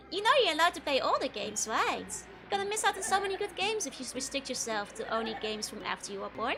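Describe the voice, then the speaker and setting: This young streamer, a native Dutch speaker with a Dutch accent, giggles and chats through casual gameplay and responds to her chat as game music plays. Her very high voice is sing-song, at a moderate pace with long pauses.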